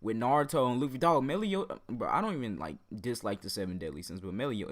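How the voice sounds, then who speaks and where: A young man with a raspy voice, an anime YouTuber rambling in casual vlog commentary, heavy on slang and filler words. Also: on the low side, lively intonation, a little fast. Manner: slangy, rambling, full of "like" and "bro".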